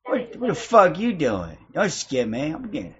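A man's voice: fairly high pitch, wildly swooping pitch, normal speed, a bit bright, a little hiss or hum. A man hosting provocative video chats with strangers, talking in a taunting, mocking, crude way over lo-fi audio. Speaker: host of a video-chat prank stream. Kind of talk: provocative casual chat with strangers. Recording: lo-fi online video-chat audio.

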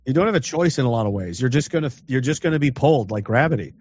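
A man's voice: mid-range voice, rapid-fire, dry recording, dull audio. A man in casual chat, ranting and swearing freely as a co-host. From Canada. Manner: profane, animated ranting.

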